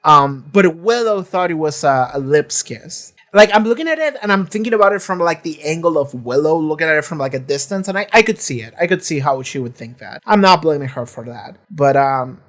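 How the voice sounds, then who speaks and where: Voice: medium pitch, lively intonation, fairly quick, hardly any pauses, fairly bright tone. A reaction video creator in casual commentary, chatty and swearing freely, now and then acting out characters' lines.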